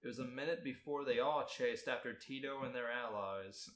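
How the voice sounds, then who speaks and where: A man's voice: medium pitch, moderate pace, a bit bright. Man reading a story, echoey room. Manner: amused reading, breaks into laughs. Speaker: podcast host reading a story. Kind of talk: reading fan fiction aloud.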